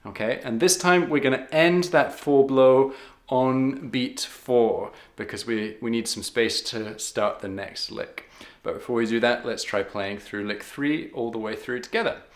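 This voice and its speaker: A man's voice: mid-range voice, measured pace, echoey room. A man teaching harmonica in a patient, step-by-step way, counting beats aloud. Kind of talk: step-by-step music lesson.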